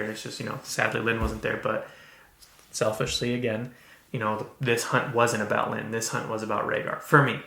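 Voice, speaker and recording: Man, podcast host, gravelly, bright tone, flat delivery, earnest storytelling, echoey room. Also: lowish voice. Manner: earnest, halting, with restarts. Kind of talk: casual storytelling.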